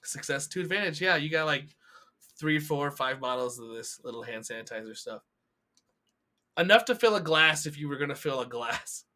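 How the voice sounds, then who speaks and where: A man's voice: on the high side, animated, moderate pace, bright, forceful tone. A man running a tabletop role-playing game as game master, teasing the players in loose casual banter with lots of fillers.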